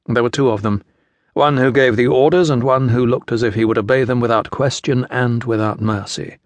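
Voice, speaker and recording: A man narrating a historical novel as an audiobook in a measured, even storytelling manner. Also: medium pitch, no room sound. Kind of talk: scripted narration. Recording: dry studio audiobook.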